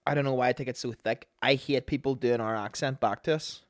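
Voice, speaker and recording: Northern Irish man, young, mid pitch, laughing podcast banter, dry close mic. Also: steady tone, no room sound. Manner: quick, laughing retorts. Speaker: podcast co-host.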